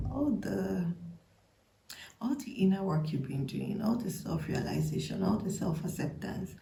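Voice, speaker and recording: A woman giving a tarot reading, talking straight to the listener in a breathy half-whisper full of playful asides. Her voice is dark and gravelly. The room has a clear echo. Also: lowish voice. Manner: breathy half-whispered delivery, playful, chatty with many likes. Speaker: tarot reader. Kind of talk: intuitive reading to camera.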